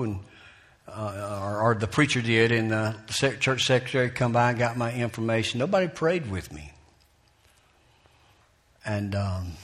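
A man from Alabama, a pastor preaching a sermon in church, telling folksy stories with soft laughs and sudden preacherly lifts. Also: mid-range voice.

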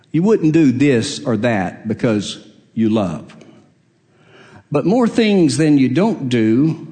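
A man's voice: medium pitch, warm tone. A man preaching a sermon, emphatic, repeating his phrases and asking rhetorical questions.

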